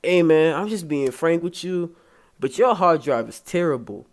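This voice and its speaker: A laid-back repairman speaks bluntly and easily, just a little louder and higher than everyday talk, as a man puts him on. The delivery is frank and unhurried. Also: lively intonation. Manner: frank, easygoing.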